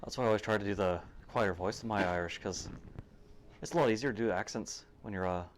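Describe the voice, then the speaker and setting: A man's voice: lowish voice, quick pace. A man playing in a tabletop game, chatting casually and joking with the table. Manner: animated, joking. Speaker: player. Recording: noisy recording.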